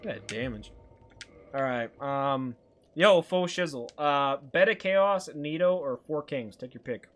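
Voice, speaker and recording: A man's voice: medium pitch, measured pace, fairly bright tone. Chatty Canadian man streaming a game. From Alberta, Canada. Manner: rambling, reads chat aloud and answers it. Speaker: live-streamer. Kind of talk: casual gaming stream chat.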